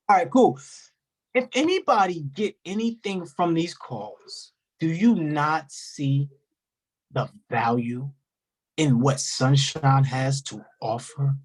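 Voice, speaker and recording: A lively, slangy host on a group video call who calls out to the members and keeps urging them on. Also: a little slow, slightly rough. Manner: animated, shifting pitch, slangy, talks to the group directly.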